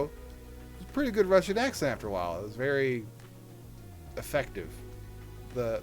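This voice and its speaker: Playful male podcast host over music. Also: mid-range voice. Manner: playful, jokey, rambling. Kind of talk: casual podcast chat. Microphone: video call.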